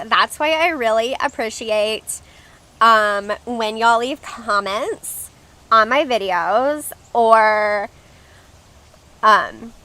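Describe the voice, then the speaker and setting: A woman's voice: a little high, pushed and bright. A young woman hosting a casual game livestream, chatting with viewers and reading their comments aloud. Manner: chatty and giggly, reads out chat comments. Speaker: livestream host.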